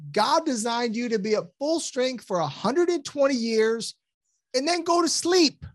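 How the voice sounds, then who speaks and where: A man's voice: extremely high pitch, expressive, measured pace. A man speaking as a guest on a podcast interview, enthusiastic and preacherly as he tells stories and quotes scripture, laughing often. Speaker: health program guest.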